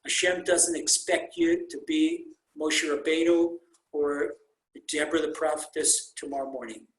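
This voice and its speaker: A rabbi teaching an informal Torah class on a video call, telling stories with animated, repeated emphasis and Hebrew terms mixed into his English. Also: a little high, measured pace. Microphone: computer mic on a video call. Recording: roomy echo on a video call.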